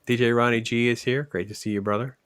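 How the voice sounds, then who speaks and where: A man hosting a casual podcast film discussion, relaxed and rambling with fillers. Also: mid-range voice, fast talker, clear, resonant tone, dry recording, clean studio sound. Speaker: podcast host.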